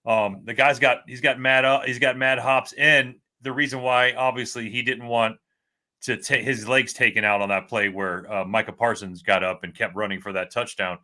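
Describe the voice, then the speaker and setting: A man co-hosting a casual sports podcast, talking candidly and excitedly like a fan. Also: medium pitch, moderate pace. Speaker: podcast co-host.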